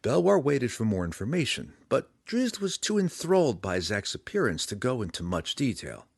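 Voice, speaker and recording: A man reading a fantasy audiobook aloud, in a dramatic, lively way. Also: medium pitch, moderate pace, gravelly, slightly rough, dry recording, clean studio sound. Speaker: audiobook reader.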